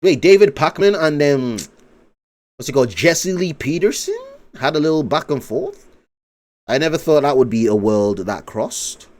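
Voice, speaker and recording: A man's voice: fairly high pitch, expressive, moderate pace, a little mellow. A man streaming live, rambling in casual commentary, swearing and laughing often.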